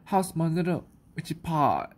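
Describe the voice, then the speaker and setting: A woman's voice: low-pitched, big pitch swings, normal speed. A woman with a New Zealand accent voicing a doting, cooing babysitter sorceress in a children's picture book read aloud. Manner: cooing, indulgent. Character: doting sparkly babysitter sorceress, hard of hearing.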